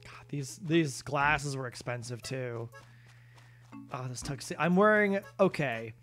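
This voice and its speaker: A man's voice: mid-range voice, a little slow, fairly bright tone, soft background music. A man live-streaming a video game, chatting casually with viewers in a rambling, self-deprecating way. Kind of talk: casual live-stream chat while gaming.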